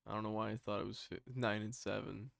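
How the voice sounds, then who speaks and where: A man's voice: fairly low pitch, little pitch movement, fast, gravelly, fairly bright tone, dry recording, clean studio sound. A young man chatting casually while playing a card game online, laid-back and swearing now and then, on a condenser mic. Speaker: channel owner, gamer. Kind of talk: casual gaming chat. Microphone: studio condenser mic.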